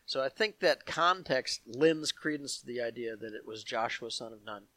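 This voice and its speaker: Male pastor, mid-pitched, explanatory Bible teacher reading scripture aloud, dry close sound. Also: lively intonation, moderate pace, pushed and bright, no echo. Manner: explanatory, reads passages aloud with asides to the congregation.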